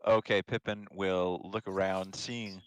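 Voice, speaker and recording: A man's voice: low-pitched, flat delivery, unhurried, clean tone, dry recording. A man playing a tabletop game, thinking aloud as he describes his character's moves. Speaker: player.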